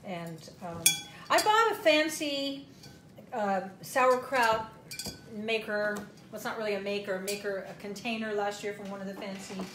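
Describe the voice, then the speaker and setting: A woman's voice: mid-range voice, unhurried, background noise. A woman hosting a casual cooking demonstration, chatting in a rambling way with plenty of fillers. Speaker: host. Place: home kitchen. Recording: echoey kitchen with clattering dishes.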